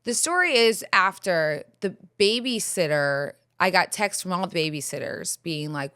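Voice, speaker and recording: A woman's voice: lowish voice, expressive, normal speed, few pauses, a bit bright, smooth. A woman in her thirties hosting a podcast, telling a story in a candid, rambling way with lots of fillers and laughs along the way. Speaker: podcast host. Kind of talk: casual storytelling chat.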